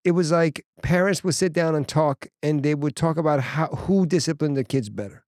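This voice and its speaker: A man hosting a relaxed interview, telling stories with lots of energy and playful voices. His voice sits a touch high. The sound is dry and close, with no room echo. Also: normal speed. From Persian background. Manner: animated storyteller, acts out voices with laughter. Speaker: podcast host. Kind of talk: casual interview chat.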